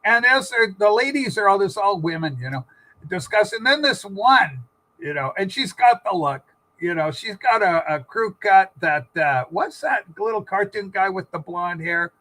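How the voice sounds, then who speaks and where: A man's voice: high voice, animated, normal speed, bright, forceful tone, poor audio. A man co-hosting a casual political livestream, telling rambling stories full of fillers and restarts.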